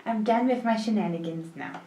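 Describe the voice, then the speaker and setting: A woman co-hosting a casual livestream chat, giggly, teasing and quick to apologise. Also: mid-range voice, warm tone. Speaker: co-host. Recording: echoey room, off-mic, faint noise.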